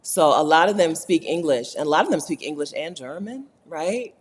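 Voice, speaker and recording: An American woman chatting casually on a livestream vlog, animated and laughing, often tagging her points with "right?". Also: deep voice, moderate pace, husky, long reverb tail. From United States. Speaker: vlogger.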